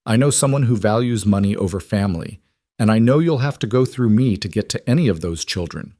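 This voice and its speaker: A man's voice: fairly low pitch, fairly quick, no echo, clean studio sound. A man voicing a determined young frontier woman who speaks steadily and defiantly. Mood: firm. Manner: steady, firm, quietly defiant.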